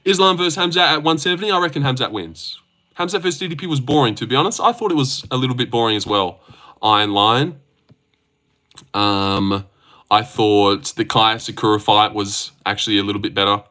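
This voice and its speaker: A man's voice: mid-range voice, brisk, bright, forceful tone. A young Australian man hosting a casual livestream, rambling, joking and swearing as he answers his chat. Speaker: livestream host.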